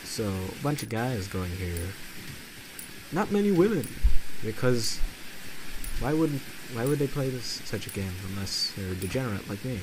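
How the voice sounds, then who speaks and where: A man giving goofy, self-mocking gameplay commentary, bursting into yelps and shouts as he plays. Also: mid-range voice, very animated, moderate pace, noisy background. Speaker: gamer.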